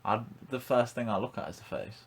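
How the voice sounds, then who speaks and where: A man's voice: medium pitch, fairly even intonation, brisk, creaky, slightly rough. A young man hosting a casual podcast, blunt and ranting, swearing freely. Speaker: podcast host.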